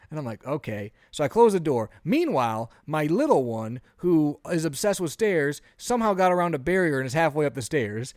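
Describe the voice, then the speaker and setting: A man in his thirties, a podcast co-host telling an animated story in a casual chat, often acting out what he said. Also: on the high side, moderate pace, no room sound, clean studio sound.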